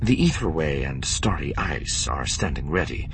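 A man plays a self-assured male officer in a storybook reading. He speaks briskly and decisively, in a deep voice with lively pitch. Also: slight background noise, full character voice. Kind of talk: audiobook narration.

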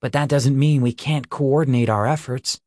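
A man's voice: mid-range voice, fairly even intonation, moderate pace, darkish tone, no room sound, clean studio sound, close to an everyday voice. A man voicing a brash, defiant wild boy. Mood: determined. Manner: brash, stubborn.

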